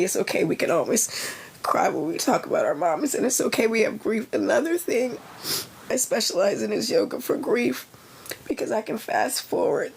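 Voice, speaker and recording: A woman's voice: deep voice, vocal fry, a little mellow, slightly rough. A middle-aged woman, a yoga teacher and author, chatting casually on a live stream from a sauna bag at home, rambling and heartfelt as she drifts between stories.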